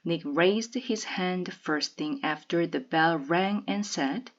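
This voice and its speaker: Slow, measured woman reading aloud. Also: lowish voice, dull audio. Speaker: reader of a children's novel.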